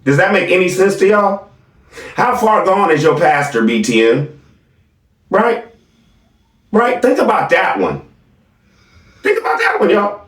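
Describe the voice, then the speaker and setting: A man's voice: high voice, very animated, a little slow, long pauses, fairly bright tone, reverberant, recorded from a distance. A man giving sarcastic reaction commentary on video clips, questioning his viewers.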